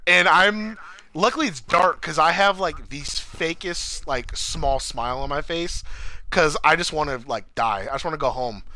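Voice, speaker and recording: Animated young man retelling a story. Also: moderate pace, low-quality recording. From California, US. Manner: animated, acts out quotes in a high voice, swears often. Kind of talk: casual storytelling chat.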